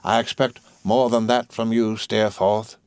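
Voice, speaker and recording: A man voicing a pompous, angry older male headmaster who talks slowly and blusters. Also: on the low side, flat delivery, a little mellow, clean tone, no room sound, natural voice. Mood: blustering.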